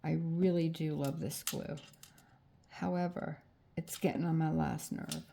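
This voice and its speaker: A woman's voice: sits low, fairly even intonation, unhurried, gravelly, dark tone, a little hiss or hum. A middle-aged woman vlogging as she crafts, rambling and indecisive as she talks herself into her choices. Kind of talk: casual thinking aloud while crafting.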